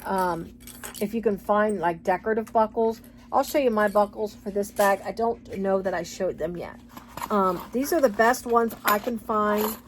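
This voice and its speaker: A woman's voice: medium pitch, normal speed, slight background noise. A woman giving a casual sewing tutorial in a chatty, rambling way, full of fillers and restarts. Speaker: sewing pattern designer.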